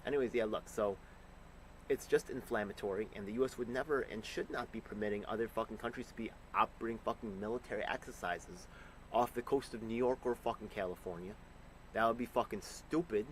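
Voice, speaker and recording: A man angrily reacting to a news clip, ranting and swearing with sudden loud bursts. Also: on the low side, a little fast, slight background noise, low-quality recording. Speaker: commentator reacting to news clips. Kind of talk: profane reaction commentary.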